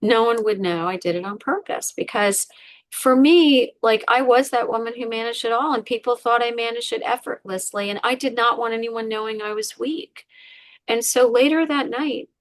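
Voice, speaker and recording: A woman's voice: on the high side, normal speed, no room sound. A woman, a podcast guest, candidly retelling a painful personal story with many fillers. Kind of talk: emotional personal story in an interview.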